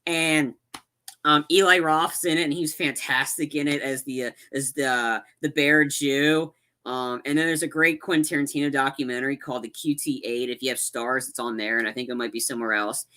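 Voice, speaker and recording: A man's voice: mid-range voice, steady tone, a little fast, sharp tone. A man co-hosting a podcast, chatting casually about films in a rambling way with lots of fillers and restarts. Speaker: podcast co-host. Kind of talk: casual movie chat.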